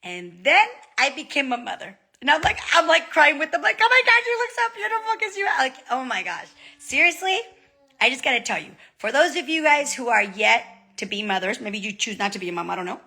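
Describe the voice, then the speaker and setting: Woman, 30s, vlogger; casual, chatty, bright tone, playful quoting. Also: on the high side, brisk, slightly rough. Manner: chatty, animated, acts out quotes. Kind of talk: casual chat to camera.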